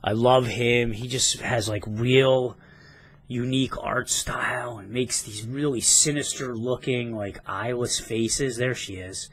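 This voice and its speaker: A man's voice: medium pitch, steady tone, measured pace, fairly bright tone, slightly rough, dry recording. A man talking casually in a rambling, enthusiastic comic book review vlog, now and then swearing.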